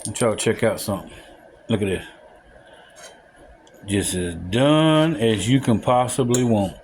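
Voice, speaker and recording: A man, casually narrating a home cooking video and chatting straight to viewers with excited whoops. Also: on the low side, measured pace, a little hiss or hum. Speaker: home cook showing a recipe. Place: home kitchen.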